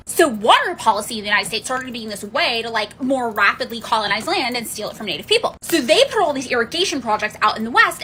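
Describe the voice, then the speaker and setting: A woman's voice: fairly high pitch, lively intonation, a little fast, few pauses, pushed and bright, slight background noise. A woman from Central California with a Valley Girl accent, giving a profane, sarcastic and self-mocking comedic history explainer. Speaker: history commentator.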